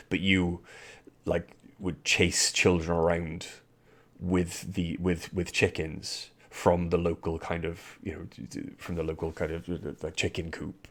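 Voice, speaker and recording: A very deep male voice narrates a tabletop roleplaying session as game master. His delivery is loose and rambling, full of asides and restarts as he describes the scene to his players. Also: little pitch movement, normal speed.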